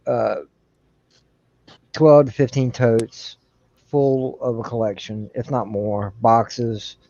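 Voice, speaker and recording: A man's voice: medium pitch, level tone, takes it slowly, mellow, no echo. An older man who is a grandfather, chatting about old toys in a rambling, nostalgic way. His voice comes through a dull, lo-fi microphone with a dry sound. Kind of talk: casual chat. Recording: dull lo-fi mic.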